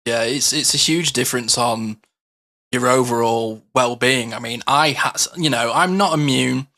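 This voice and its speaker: Bright, forceful man chatting. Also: medium pitch, normal speed. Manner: chatty, acts out quoted exchanges, frequent fillers. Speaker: podcast co-host. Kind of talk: casual podcast chat.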